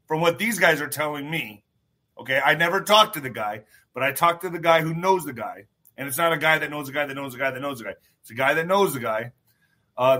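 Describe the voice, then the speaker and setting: A man's voice: on the high side, bright, forceful tone. A man hosting his own livestream in casual talk, emphatic, repeating phrases and swearing freely. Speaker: show host.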